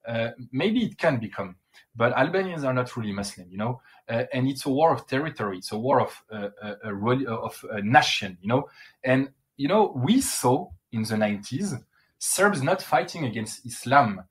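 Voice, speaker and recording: A man's voice: mid-range voice, lively intonation, normal speed. Man, earnest guest. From Brittany, France. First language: French. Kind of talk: interview answer.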